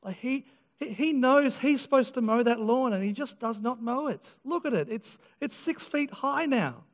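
A man voicing his exasperated brother as he complains about the neighbour in a raised, higher voice. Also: animated, normal speed. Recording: dull lo-fi sound in a reverberant church.

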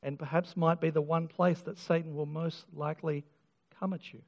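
A man preaching in a church, with an earnest, emphatic delivery that restarts often and slips in wry humour. His voice sits high, and a long reverb hangs behind it on a dull, lo-fi recording. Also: level tone, moderate pace, gravelly, a little mellow. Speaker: pastor. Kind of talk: sermon.

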